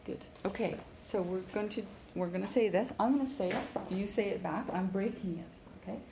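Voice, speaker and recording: A woman's voice: mid-range voice, fairly quick, creaky, background noise. A woman from Canada, a pronunciation coach, teaching a live lesson and stressing words and repeating phrases for students to echo back.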